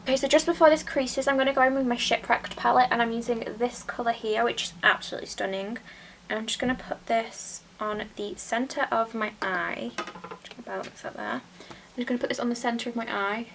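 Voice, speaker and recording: A young British woman chatting casually while doing her makeup, often dropping into soft whispers. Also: on the high side, fairly even intonation, brisk, gravelly, slight background noise. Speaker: beauty vlogger. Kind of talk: casual get-ready-with-me chat.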